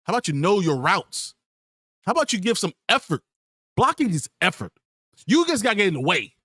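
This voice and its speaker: Exasperated podcast host, high and lively, swearing rant, dry sound. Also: male voice, a little fast, slightly rough, dry recording. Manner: exasperated, profane ranting. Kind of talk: ranting sports podcast.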